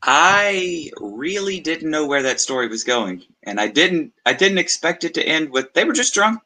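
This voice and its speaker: A man chatting casually as a podcast guest, wry and deliberate. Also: on the high side, animated, sharp tone, a little hiss or hum, low-quality recording. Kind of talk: casual chat.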